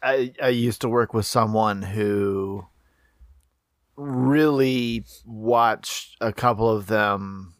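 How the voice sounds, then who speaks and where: A man co-hosting a podcast in casual chat, rambling and getting animated when he quotes people. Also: fairly low pitch, extremely slow, no echo, clean studio sound. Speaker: podcast co-host.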